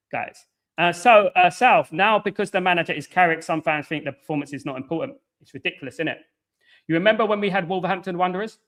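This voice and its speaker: A man chats live with his viewers in a voice that sits on the high side for a man. He rambles and loops back on the same stock phrases. He is blunt with critics, calls people mate, and his phrases fade away quietly at the end. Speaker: live-stream host. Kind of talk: casual live-stream chat answering viewers' comments.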